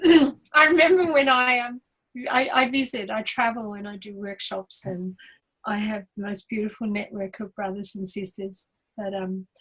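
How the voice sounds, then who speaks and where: A woman, co-hosting a casual spiritual chat and telling stories in an animated way, laughing often. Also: medium pitch, rough recording. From Australia. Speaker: co-host.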